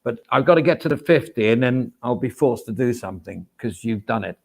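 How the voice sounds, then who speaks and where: Gravelly self-deprecating man. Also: mid-range voice, animated, a little fast, darkish tone. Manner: chatty, with frequent fillers and asides. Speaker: livestreamer. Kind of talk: casual livestream chat.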